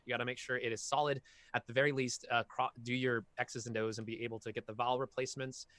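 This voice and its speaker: A man with a bright, forceful voice chats animatedly as a voice actor guest at an online workshop. He is recorded close and dry, with no room sound. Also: mid-range voice, fast, no echo. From half Filipino heritage. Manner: animated, talkative storyteller. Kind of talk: casual workshop talk.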